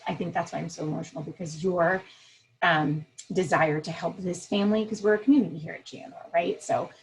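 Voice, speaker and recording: A middle-aged woman, a school principal, talking in a casual interview, earnest and halting with many fillers and restarts, close to tears. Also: sits low, a little hiss or hum, poor audio. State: emotional, near tears.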